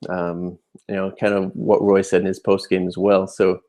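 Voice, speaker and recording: A man's voice: sits low, completely flat delivery, moderate pace, dark tone. A young adult man, a sports fan vlogger, rambling through a fired-up game recap with many fillers and restarts. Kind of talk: casual game recap rant.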